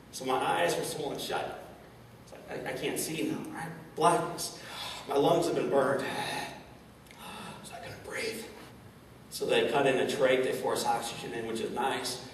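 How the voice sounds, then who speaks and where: Un hombre de San Luis, Misuri, da una charla motivacional, con preguntas retóricas y palabras repetidas al tropezar. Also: male voice, medium pitch, slight background noise. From St. Louis, Missouri, USA. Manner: stammering repeats, frequent rhetorical questions. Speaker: motivational speaker. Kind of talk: inspirational keynote talk. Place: large event hall, indoors. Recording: echoey hall, speaker far from mic.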